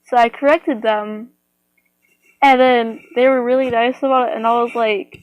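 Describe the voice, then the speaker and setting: A woman's voice: a little high, steady tone, moderate pace, dry recording, poor audio. A woman chatting casually to her viewers, rambling with lots of fillers and restarts. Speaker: vlogger.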